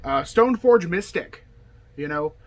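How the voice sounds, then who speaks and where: Fairly high in pitch, expressive and unhurried, this man hosts a deck tech. He casually rambles through his card game deck in chatty hobby video talk, sprinkling in okay and you know.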